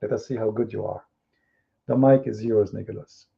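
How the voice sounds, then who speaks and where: A man's voice: fairly low pitch, fairly even intonation, moderate pace, creaky, warm tone. A man hosting an online debate room, talking in a mocking, scornful way. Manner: sarcastic and scornful, acting out others in quotes. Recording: tinny phone-like audio.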